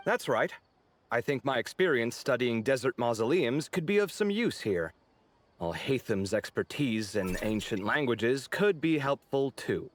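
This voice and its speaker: A proud, fussy young architect in a game speaks with a mid-range voice that rises and falls a great deal. He leans into exasperated, sarcastic remarks with expressive emphasis. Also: medium pitch, measured pace. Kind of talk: game voice acting.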